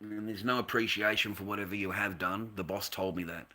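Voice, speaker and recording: Sharp-voiced Australian man ranting. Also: lowish voice, steady tone, a little fast, soft background music. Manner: profane, repetitive, heated complaining. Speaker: volunteer recounting a workplace dispute. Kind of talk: angry casual rant to camera.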